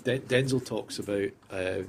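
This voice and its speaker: A man's voice: on the low side, moderate pace, husky. A man chatting in an easygoing way on a casual podcast, with chuckling asides.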